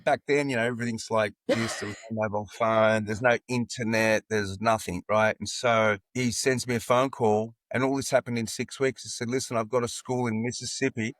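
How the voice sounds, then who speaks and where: A man's voice: medium pitch, fairly quick, hardly any pauses, no echo. Australian man in his sixties, telling stories. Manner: animated anecdotes, acting out quoted dialogue. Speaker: football coach, podcast guest. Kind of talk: casual storytelling in an interview.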